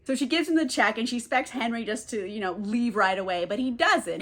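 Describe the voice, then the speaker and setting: A woman with a fairly high voice recaps a novel in a casual, sarcastic way. She is chatty and drops in curses and laughs as she talks. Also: expressive, fairly quick, hardly any pauses, sharp tone. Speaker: book reviewer.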